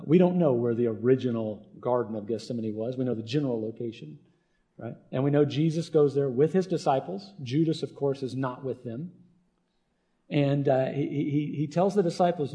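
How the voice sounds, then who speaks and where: A man's voice: mid-range voice, warm tone. A man preaching a sermon as a pastor, earnest and conversational, often checking in with the congregation.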